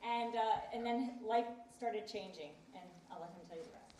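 A woman's voice: mid-range voice, moderate pace, reverberant, distant mic, noisy background. A woman casually telling a personal story, chatty and acting out what others said. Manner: chatty, acts out quoted voices. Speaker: guest telling her faith story.

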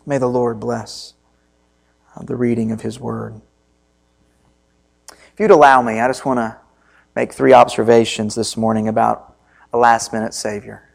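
A man preaching a sermon as pastor, reading scripture and speaking in a deliberate way with pauses. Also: mid-range voice, gravelly.

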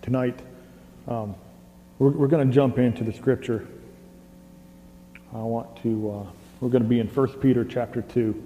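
A man preaching a sermon and leading prayer in a conversational, animated way, often repeating words, recorded on a clip-on mic. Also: medium pitch, normal speed, pauses often, phone-quality sound. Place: church service hall. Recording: reverberant hall with faint hum.

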